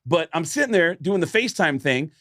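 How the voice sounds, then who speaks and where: Animated man telling a story. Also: on the high side, brisk, dry recording, clean studio sound. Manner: animated storyteller who acts out voices, swears freely. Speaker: comedian podcast co-host. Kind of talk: casual chat, storytelling.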